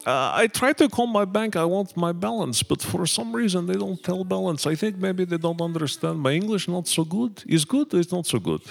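A man's voice: high voice, lively intonation, normal speed, gravelly, hardly any pauses, pitched above the performer's own voice, exaggerated voice. A man putting on a fretful foreign man in broken English. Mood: worried.

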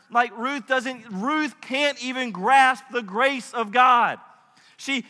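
Male pastor, high bright voice, emphatic, chatty preaching, reverberant hall. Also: expressive, measured pace. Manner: conversational, emphatic preaching with asides. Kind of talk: sermon.

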